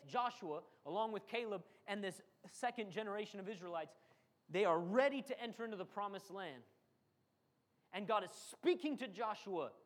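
In a high, fairly bright voice, a man delivers a dramatic, repetitive sermon. He hammers phrases through repetition and briefly imitates the people he's quoting.

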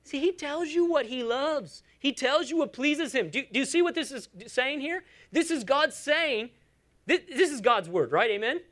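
A woman's voice: sits high, animated, normal speed, fairly bright tone. A woman preaching a sermon in a church, emphatic and coaxing her congregation along.

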